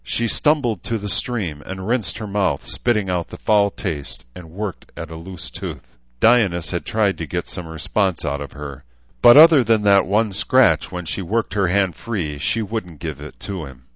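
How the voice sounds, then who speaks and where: A man narrating a novel as an audiobook in an even, measured reading. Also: sits low, no echo, dull audio. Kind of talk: scripted narration.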